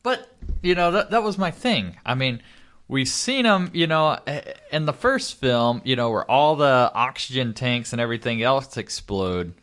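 A man's voice: medium pitch, lively intonation, moderate pace, fairly bright tone. A man in casual chat who jokes and adds skeptical points about a film. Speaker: podcast co-host.

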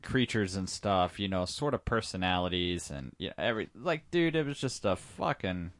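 A man's voice: sits low, animated, normal speed. A man co-hosting a podcast, trading loose banter with swearing in casual chat. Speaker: podcast co-host.

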